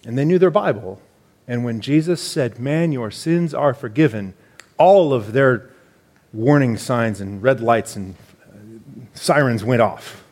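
A man, a church elder preaching a sermon in a conversational, explanatory way with animated emphasis. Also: mid-range voice, unhurried.

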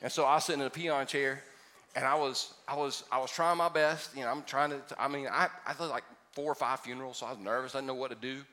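A man's voice: mid-range voice, steady tone, quick pace, sharp tone, in a large hall. A man preaching a sermon as pastor to a congregation, telling funny stories and building to emphatic exhortation. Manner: humorous storytelling, rising to emphatic exhortation. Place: church auditorium before a congregation.

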